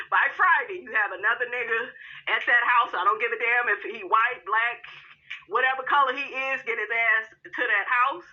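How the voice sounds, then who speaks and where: A woman with a high, very bright, sharp-edged voice that swoops all over the place as she gives sassy, profane commentary on a reality show. She talks brashly and keeps throwing in "honey" and "child." The audio is dull and muffled. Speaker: reality show recap host. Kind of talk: animated profane recap commentary.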